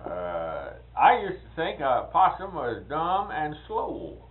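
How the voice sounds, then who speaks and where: A man's voice: on the high side, huge pitch swings, slow. An older man chatting casually, asking questions and chiming in with short agreements. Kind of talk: casual conversation. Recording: phone-like band with faint hiss.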